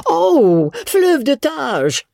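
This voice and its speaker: A woman's voice: high-pitched, sing-song, drawn-out words, gravelly, warm tone, no room sound, studio quality, voice pushed up, heavily acted. A woman reading an audiobook, voicing a prim, spiteful young sister who speaks hastily. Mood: excited. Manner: hasty and prim.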